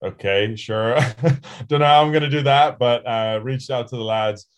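A man co-hosting a casual podcast, telling rugby stories in a relaxed way with fillers and laughs. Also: mid-range voice, measured pace, smooth. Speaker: podcast co-host, rugby sevens player.

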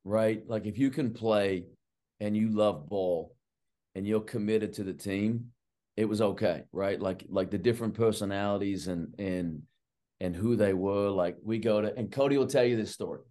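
A man's voice: lowish voice, normal speed. A middle-aged man, a basketball coach guest, telling long stories in casual chat, full of fillers and asides. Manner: animated and long-winded, heavy on fillers like "like" and "right". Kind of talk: casual storytelling.

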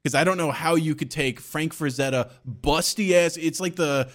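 A young man co-hosting a podcast, chatting in an animated, profane way and laughing often. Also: fairly high pitch, moderate pace. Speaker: podcast co-host. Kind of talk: casual chat.

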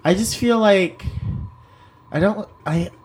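A young man from Texas, co-hosting a casual podcast chat, animated and putting on funny voices for people he talks about. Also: high-pitched, slow, breathy edge. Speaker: podcast co-host.

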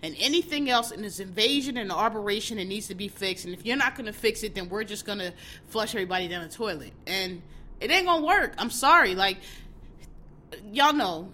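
A woman's voice: medium pitch, pushed and bright, slight background noise. A woman hosting her podcast alone, talking bluntly and with animation straight to her listeners. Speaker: podcast host. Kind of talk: casual solo commentary.

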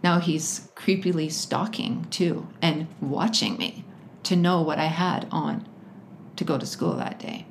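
Guest: woman, lowish voice, earnest and halting, slight background hiss. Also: steady tone, vocal fry. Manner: earnest, halting, with nervous laughs. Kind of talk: personal storytelling in conversation.

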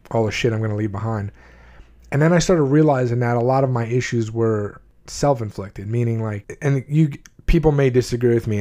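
An adult man, twenties or older, with a dark, medium-pitched voice shares his personal history with his viewers. He tells it candidly, bluntly, and emotionally, often beginning his sentences again.

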